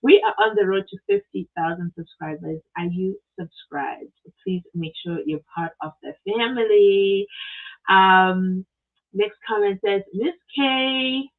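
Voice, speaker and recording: A woman from South Africa hosting a live stream, chatting casually and reading viewer comments aloud with lively exclamations. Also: mid-range voice, a little slow. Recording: tinny phone-like audio.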